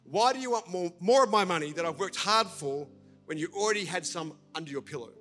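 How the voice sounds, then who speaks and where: A tired working father snaps in short, irritated bursts, as a preacher acts him out. The voice is a fairly high male one, with faint music in the background. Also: animated, brisk, sharp tone. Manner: short-tempered, snapping.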